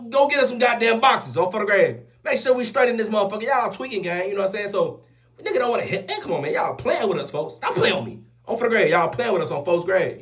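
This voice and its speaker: A young man tells a story in a high voice, loose and animated, packed with profanity. He keeps swearing on his kids after nearly every sentence, in a casual storytelling style. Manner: animated, profane street slang, repeats oaths like "on my kids, folks". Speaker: storyteller vlogger.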